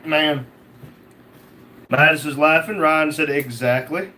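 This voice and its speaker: A man's voice: fairly high pitch, slow pace, long pauses, bright, forceful tone, a little hiss or hum. A man hosting a casual livestream, reading out chat comments and joking back.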